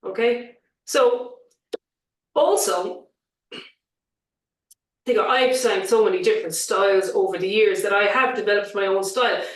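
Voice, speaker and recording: An animated woman vocal coach talks through her work in a relaxed interview. Her voice sits at a middle pitch. It sounds roomy and a little set back from the microphone. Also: a little slow, pauses often, distant mic. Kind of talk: casual interview chat.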